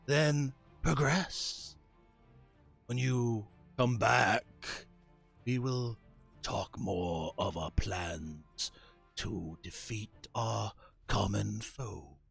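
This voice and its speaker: A mocking scaled warlord, as a man voices him in a tabletop game, all soft menace and slow drawn-out threats. The voice sits low and gravelly. Faint music hums underneath. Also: heavily acted.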